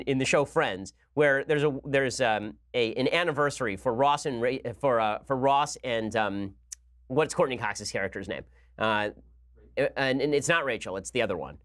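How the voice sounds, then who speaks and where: A man hosting a podcast, delivering a rapid, sarcastic solo commentary rant into a studio microphone. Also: medium pitch, expressive, a bit bright. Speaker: podcast host.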